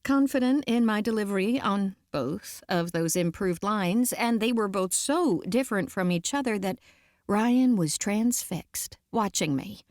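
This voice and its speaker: A woman's voice: mid-range voice, expressive, unhurried, a little mellow, no room sound, clean studio sound. A woman narrating a romance audiobook in the first person, in a conversational storytelling way.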